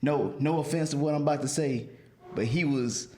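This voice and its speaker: A man co-hosting a podcast, chatting casually in a playful, expressive way. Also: on the high side, moderate pace. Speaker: podcast co-host. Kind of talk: casual chat. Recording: echoey room.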